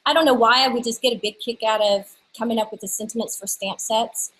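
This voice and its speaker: A woman in her thirties with a somewhat high voice, talking about her work in a relaxed interview. She tells it as a chatty, lively story, often restarting her sentences as she goes. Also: fast, breathy edge, poor audio. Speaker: guest, stamp designer. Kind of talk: casual interview chat.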